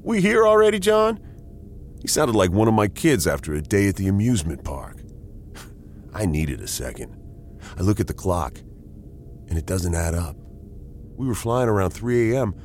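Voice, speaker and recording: Deep-voiced man telling a tense story. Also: big pitch swings, moderate pace, long pauses, a little mellow, a little hiss or hum. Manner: tense, dramatic delivery. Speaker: narrator. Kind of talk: first-person scripted storytelling.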